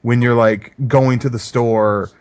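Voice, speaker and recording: A man's voice: medium pitch, steady tone, unhurried, dull audio, background noise. Laid-back rambling podcast man. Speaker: podcast co-host. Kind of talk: casual profane chat.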